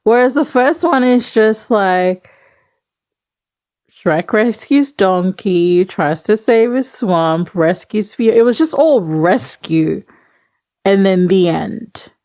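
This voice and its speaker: A woman's voice: medium pitch, animated, takes it slowly, a little mellow, dry recording. A woman co-hosting a podcast in casual chat, rambling and hesitant with many fillers. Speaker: podcast co-host.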